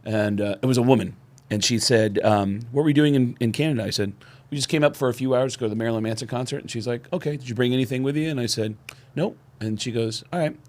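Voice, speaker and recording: Animated middle-aged man telling stories. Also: medium pitch, fast talker. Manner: animated storyteller acting out quoted voices. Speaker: podcast co-host. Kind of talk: casual storytelling chat.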